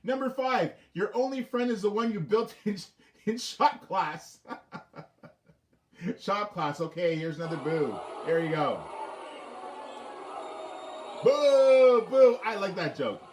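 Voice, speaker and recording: A man's voice: high voice, animated, moderate pace, roomy sound. A man hosting a homemade late-night show from his basement, telling corny jokes and laughing at his own punchlines. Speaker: host of a home talk show. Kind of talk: jokey late-night monologue. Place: home basement.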